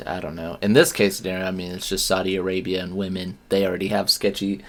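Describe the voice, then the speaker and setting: A man with a fairly low voice chats as co-host of a wrestling show. He sounds excitable and jokey, and he swears casually as he talks matches. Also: fast. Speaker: podcast co-host. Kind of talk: casual chat about wrestling.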